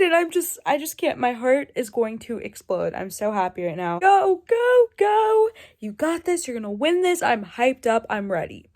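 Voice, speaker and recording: A woman with a high voice talks casually to camera about a book she is reading. She is excitable and gushing, dropping to hushed asides one moment and squealing the next. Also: unhurried, few pauses. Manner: excitable, gushing, swings between whispers and squeals. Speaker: book vlogger. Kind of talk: casual reading reaction vlog.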